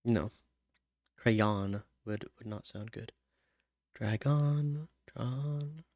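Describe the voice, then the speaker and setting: A man talks to himself slowly and unhurriedly while working out song lyrics. He mutters candidate rhymes, hums nonsense syllables and weighs each word. The recording is dry and close. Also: mid-range voice, darkish tone, no room sound. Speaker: songwriter. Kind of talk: thinking aloud while writing lyrics.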